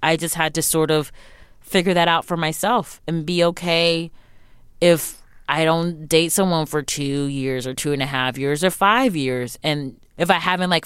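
A young adult woman talking candidly as an interview guest, emphatic and animated, acting out what other people said to her. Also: deep voice, smooth, no room sound, studio quality. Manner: animated, emphatic, acts out quoted remarks.

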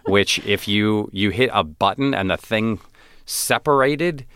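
A man, an actor guest on an interview show, telling animated, self-deprecating stories and acting out other people's lines. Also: on the low side, slow pace, clear, resonant tone. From United States. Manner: animated, self-deprecating, acts out quoted voices. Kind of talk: casual interview storytelling.

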